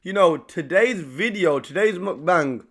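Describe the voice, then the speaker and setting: A man's voice: high-pitched, expressive, unhurried, gravelly, a bit bright. A young man, chatting casually to camera while eating in a mukbang vlog. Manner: chatty, eats between lines. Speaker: vlogger.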